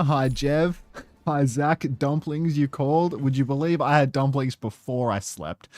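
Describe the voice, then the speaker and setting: A man co-casting an esports stream in a relaxed, joking way, chatting and reading out viewer messages. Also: a little high, dry recording, studio quality. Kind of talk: casual live stream commentary.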